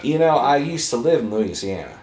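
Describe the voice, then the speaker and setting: A man's voice: mid-range voice, sing-song, brisk, a little mellow, a little hiss or hum. Chatty man in an echoey room. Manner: talkative, many restarts and corrections. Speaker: podcast co-host. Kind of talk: casual chat.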